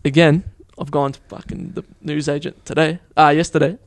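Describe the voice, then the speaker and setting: A young Australian man is chatting on a studio podcast, telling animated stories and acting out the people in them. His voice is gravelly and sits a little high. The mic is close and dry. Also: fairly quick, dry recording. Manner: animated storyteller, swears, acts out quotes. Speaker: podcast co-host. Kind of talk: casual chat.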